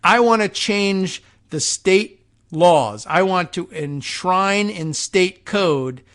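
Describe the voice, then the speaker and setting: A self-righteous Christian conservative lawmaker, put on by a man with a mock Southern US drawl. He preaches about old-fashioned values and waves off anything he doesn't care to hear. The voice sits a little high. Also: lively intonation, takes it slowly, fairly bright tone, heavily acted. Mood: mocking, preachy.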